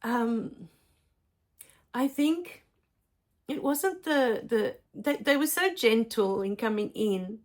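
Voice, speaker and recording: A middle-aged woman, telling spiritual stories in a soft, emotional way with many pauses and fillers. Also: on the high side, expressive. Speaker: spiritual teacher. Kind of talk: personal spiritual storytelling.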